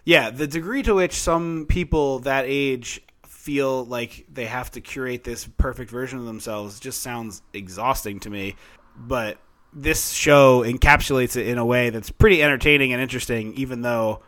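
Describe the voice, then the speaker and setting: A man's voice: medium pitch, moderate pace, a bit bright. A man co-hosting a podcast, sharing opinions in an easy conversational way. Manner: opinionated, conversational, mild swearing. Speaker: podcast co-host. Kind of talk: casual chat.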